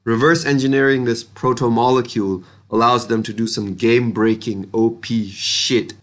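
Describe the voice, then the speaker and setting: A man's voice: mid-range voice, fairly even intonation, normal speed. A young adult man giving a casual, enthusiastic book review, talking in a loose, slangy way.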